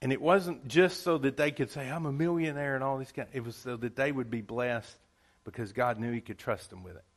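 A man's voice: mid-range voice, brisk. A man preaching a sermon to his church in a folksy, repetitive style. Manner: folksy preaching with repeated phrases. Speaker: pastor. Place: church sanctuary.

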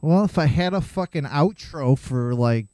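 A man in his thirties, speaking a little higher than most men, rambles through a casual story on his own podcast. He swears freely and breaks off into self-mocking asides. The sound is dry and close, with no room around it. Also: expressive, moderate pace, dark tone, no room sound. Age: 30s. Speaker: solo podcast host.

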